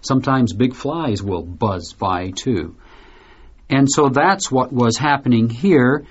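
A man from the United States hosting a radio English lesson, explaining a story and asking questions in a relaxed way. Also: medium pitch, slow pace, husky, highs cut off. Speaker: English teacher and host.

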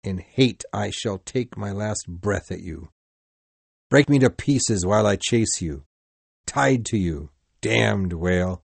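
A man voicing an obsessed old whaling captain who shouts wildly and then vows grim revenge. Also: on the low side, takes it slowly, gravelly, husky, dry recording, full character voice. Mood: bitter. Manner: raging shouts turning to grim, bitter vows.

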